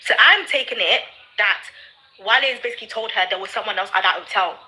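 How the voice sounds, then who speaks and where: Woman guest on a live chat, quick and bright, apologetic, reasons things out aloud. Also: medium pitch, rough recording. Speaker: guest sharing screenshots. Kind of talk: casual live chat discussion.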